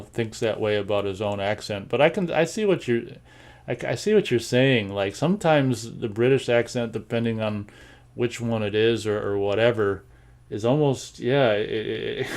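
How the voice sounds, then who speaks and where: An American man hosts a casual live show, answering chat comments in a low-pitched voice. He rambles along with plenty of fillers, restarts and repeated words. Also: darkish tone. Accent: General American.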